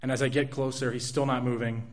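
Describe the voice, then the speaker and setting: A young man telling a true personal story in an earnest, halting way, with restarts and soft laughs. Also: medium pitch, level tone.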